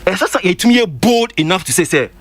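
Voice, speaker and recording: A man's voice: high voice, sing-song, fast talker, fairly bright tone. A Ghanaian man on a radio panel, lecturing critically and switching between English and Twi. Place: radio studio.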